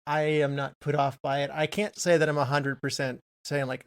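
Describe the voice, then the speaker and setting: A man's voice: fairly high pitch, little pitch movement, moderate pace, few pauses, clean tone. A man co-hosting a film podcast, chatting casually and reading out trivia in a rambling way. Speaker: podcast co-host.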